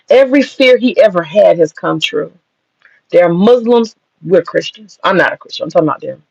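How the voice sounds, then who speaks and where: A man's voice: high voice, creaky, a little mellow, husky, dry recording. A man giving blunt, profane, emphatic commentary. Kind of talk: casual commentary. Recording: dull lo-fi sound.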